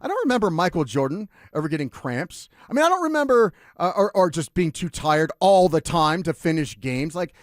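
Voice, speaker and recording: Man, sports radio host, raised voice, lively swooping pitch, rambling, restarts, dry close studio mic. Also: brisk, few pauses, dry recording. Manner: animated, rambling, self-interrupting. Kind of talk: casual sports radio debate. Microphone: studio microphone.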